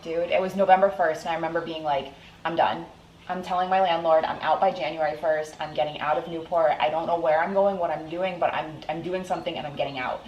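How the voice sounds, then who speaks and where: A woman's voice: on the low side, normal speed. A young woman podcast host telling a personal story in a casual, chatty way, with lots of "like" fillers. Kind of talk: casual chat. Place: indoors in Hawaii. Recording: roomy echo with faint noise.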